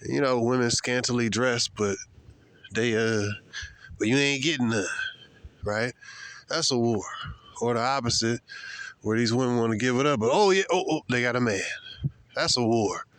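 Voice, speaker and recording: A man gives a casual, sermon-like talk outdoors while out on a brisk walk. His speech is slangy and emphatic, and he hammers his points home by repeating them. His breathing is heavy from the pace of his walk. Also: medium pitch, fairly bright tone, no echo. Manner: talks while walking fast, breathing hard. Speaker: vlogger. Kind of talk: casual preachy monologue.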